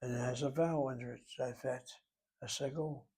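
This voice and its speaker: A man's voice: medium pitch, steady tone, moderate pace, dark tone. A man teaching a Hebrew grammar lesson, explaining each word methodically letter by letter.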